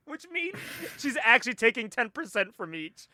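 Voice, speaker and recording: A man chatting on a comic book podcast, laughing often and acting out characters in quick voices. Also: very high voice, sing-song, bright, forceful tone, dry recording, studio quality. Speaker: podcast co-host.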